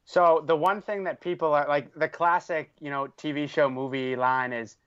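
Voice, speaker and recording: A man's voice: fairly high pitch, steady tone, moderate pace, fairly bright tone, smooth. Easygoing man on dull lo-fi audio. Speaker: podcast co-host. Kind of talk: casual interview chat.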